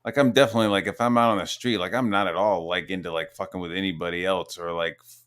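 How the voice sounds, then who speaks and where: A middle-aged man hosting a casual, profane chat, animated and jumping into high-pitched quoted voices. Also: fast talker, clean tone. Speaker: podcast host.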